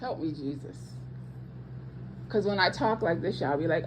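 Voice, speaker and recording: A woman's voice: fairly low pitch, animated, normal speed, background noise. A woman preaching with passion to online viewers as a ministry host, emphatic and repeating her points, with speech patterns and casual asides.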